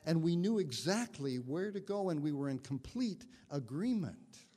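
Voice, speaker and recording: A man preaching as a guest minister, telling a story with gentle humor. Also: on the high side, sing-song, normal speed, big-room sound. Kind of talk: sermon. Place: congregation sanctuary.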